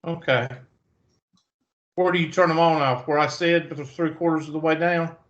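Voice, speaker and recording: In muffled video call audio, a man with a Southern US accent gives an online math lecture at normal speed. His voice is a little high, fairly bright, and steady in tone, and he's chatty, thinking aloud as he goes.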